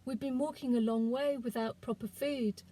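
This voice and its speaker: A woman's voice: a little high, normal speed, dark tone, pitched above the performer's own voice, close to an everyday voice. A woman reading the lines of a determined young village girl on a desperate journey, in an urgent, pleading voice.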